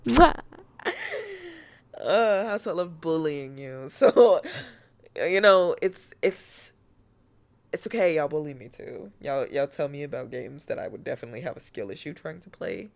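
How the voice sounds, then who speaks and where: A woman's voice: fairly low pitch, animated, measured pace, gravelly, long pauses. An American woman streaming and chatting casually, playful and teasing, swearing freely. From United States. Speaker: VTuber streamer.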